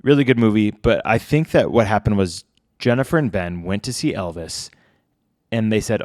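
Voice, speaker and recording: A man's voice: lowish voice, animated, moderate pace, darkish tone, dry recording, studio quality. A young adult man hosting a casual solo podcast, chatty and conversational, with frequent fillers. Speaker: podcast host.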